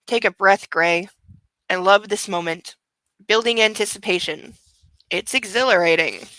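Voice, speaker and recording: A woman reading aloud as a smug young male billionaire who narrates his own desires, lingering on lines with breathy, drawn-out emphasis. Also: medium pitch, bright, forceful tone, dry recording, low-quality recording. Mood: brooding. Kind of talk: dramatic reading of a novel.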